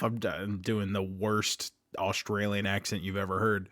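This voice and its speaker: A man's voice: fairly low pitch, little pitch movement, moderate pace, fairly bright tone, no echo. Chatty man in his thirties, dry sound. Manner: chatty, laughs often, jumpy emphasis. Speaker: show host. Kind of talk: casual commentary monologue.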